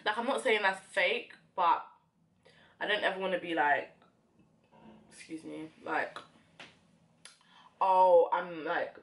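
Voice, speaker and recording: A woman's voice: lowish voice, takes it slowly, pauses often, a bit bright. A young woman vlogger chatting casually while doing her makeup, talking in a reflective, rambling way with many fillers. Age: young adult. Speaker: beauty vlogger.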